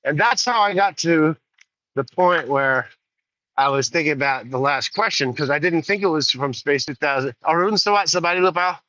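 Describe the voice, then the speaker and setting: A man talking in a casual solo podcast monologue, rambling, often laughing and correcting himself. His voice is bright and a bit tense. The sound is dry, with no room echo, and dull like a lo-fi recording. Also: fairly high pitch, moderate pace. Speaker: podcast host.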